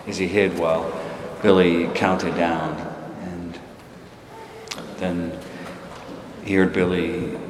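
A man preaching, telling a story in a relaxed way with some fillers. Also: deep voice, slow, pauses often. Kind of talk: storytelling sermon. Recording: echoey hall with background noise.

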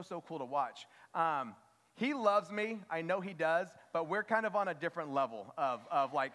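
A father giving a church message, telling a heartfelt story about his son in a halting, earnest way and often repeating words. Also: on the high side, a bit bright. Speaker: father speaking to a church congregation. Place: church sanctuary. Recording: long hall reverb.

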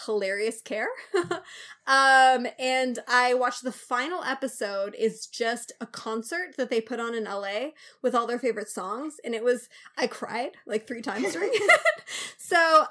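A woman's voice: fairly high pitch, unhurried, pushed and bright. A woman co-hosting a podcast in casual chat, ranting animatedly with lots of fillers. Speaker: podcast co-host.

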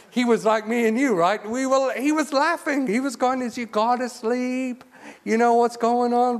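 A man giving a lively, joking sermon in a church, talking conversationally with lots of restarts and asides. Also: high voice. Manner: conversational, joking, many restarts and "you know". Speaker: guest preacher. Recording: long church hall reverb.

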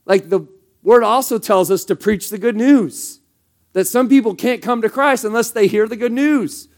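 A pastor preaching a sermon in a conversational, emphatic way, full of rhetorical questions. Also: male voice, high voice, moderate pace, a little mellow.

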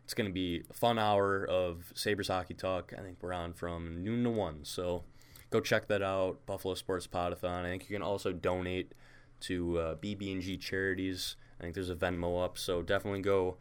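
Deep-voiced, smooth man hosting sports talk. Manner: animated, opinionated, quick bursts when worked up. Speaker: podcast host. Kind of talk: casual sports chat.

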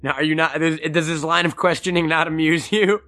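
A man's voice: a little high, fairly even intonation, brisk, pushed and bright. A man co-hosting a casual audio podcast, joking, swearing freely and acting out quotes in silly voices. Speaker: podcast co-host. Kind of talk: casual chat. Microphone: studio mic, audio-only podcast.

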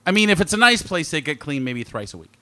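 A man's voice: fairly high pitch, very animated, fast, pushed and bright, no echo. A man hosting a casual podcast chat, asking playful, teasing questions. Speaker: podcast host.

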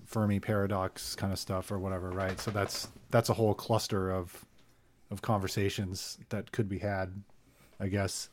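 Wry man laying out a thesis. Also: fairly low pitch. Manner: wry, building an argument, drops into quick asides. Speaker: podcast guest. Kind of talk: casual chat.

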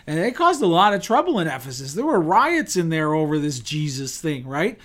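A man's voice: a little high, very animated, moderate pace, a bit bright. A male pastor delivering a sermon in an easy, conversational style. He asks the room rhetorical questions and slips into little acted-out quotes, keeping the message light and direct.

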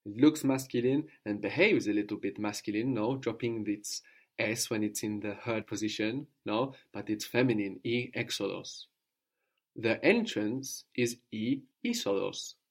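A man's voice: on the low side, measured pace. A man teaching a language lesson, patiently explaining grammar step by step and prompting his student to answer.

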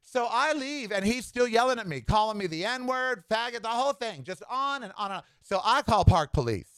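Guy ranting blunt and fed up on his podcast, high smooth voice, dry close mic. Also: lively intonation, brisk, a bit bright, dry recording. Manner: blunt, exasperated, storytelling. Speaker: podcast host. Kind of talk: ranting solo monologue.

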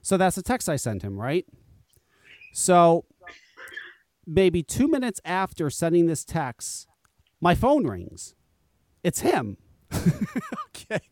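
Lively, swearing storyteller man. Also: high-pitched, dry recording. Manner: animated, profane, acts out dialogue. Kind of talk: casual storytelling chat.

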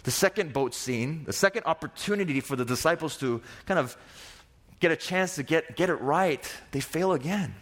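A man's voice: a little high, lively intonation, normal speed, fairly bright tone. A young man preaching a sermon, telling stories dramatically and acting out the people in them. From Korea. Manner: dramatic, acts out voices of disciples and Jesus. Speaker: pastor.

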